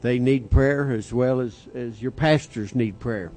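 A man's voice: mid-range voice, measured pace, a little mellow. A man leading the congregation in a fervent closing prayer, repeating his address to God. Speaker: church leader.

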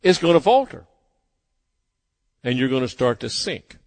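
A man's voice: medium pitch, sing-song, a little slow, darkish tone. A man preaching a sermon, emphatic and driving his points home by repeating phrases. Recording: long hall reverb.

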